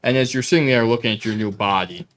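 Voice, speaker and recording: A man narrating as game master of a tabletop role-playing game, playful and quick with asides. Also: lowish voice, a bit bright.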